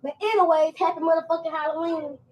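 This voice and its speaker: A brash, foul-mouthed woman, as a man puts her on rants and hurls insults at the top of a very high voice. She is loud, crude and relentless. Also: level tone, fast, lo-fi sound. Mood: insulting. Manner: loud, insulting, profane rant.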